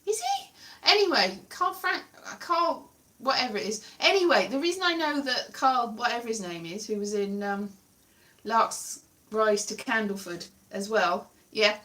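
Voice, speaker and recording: A woman's voice: on the high side, lively intonation, normal speed, bright, forceful tone. A woman from Wales chatting casually on her livestream, rambling and correcting herself as she goes. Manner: chatty, digressive, self-correcting with frequent laughs. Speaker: livestream host. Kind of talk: rambling casual chat to viewers.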